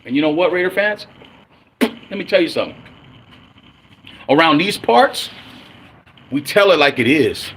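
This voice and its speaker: Heard over slight background noise, a man in his forties with a voice on the high side and a bit bright rants on his own livestream. He speaks as a fan, angry, profane and blunt.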